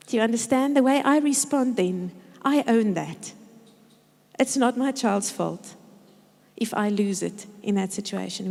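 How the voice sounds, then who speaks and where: Woman, middle-aged, lively humorous speaker, higher voice, long hall reverb. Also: creaky. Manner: lively, humorous storytelling, mimics parents and kids. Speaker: parenting speaker. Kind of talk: conference talk with acted-out quotes. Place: large church auditorium.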